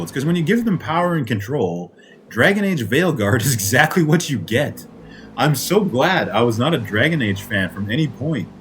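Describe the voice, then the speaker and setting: Profane ranting male gaming commentator. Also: medium pitch. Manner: heated, swearing, rapid rhetorical questions. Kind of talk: angry profane rant.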